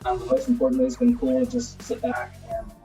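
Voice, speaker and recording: This program participant has a very high-pitched voice with big swings in pitch, talks fast, and sounds mellow, with soft music in the background. Speaking from home over a distant, dull video call while a siren wails outside, he rambles and repeats himself in a casual testimonial about how a leadership course helped him.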